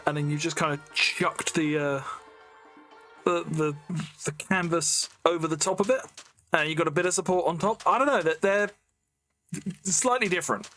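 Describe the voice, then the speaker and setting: A casual YouTuber with an English accent talks through a building game at a middling pitch. The speech rambles and is full of fillers and self-mocking jokes. Soft music plays faintly underneath. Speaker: Minecraft YouTuber. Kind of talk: casual gameplay commentary. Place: home room with a fan running.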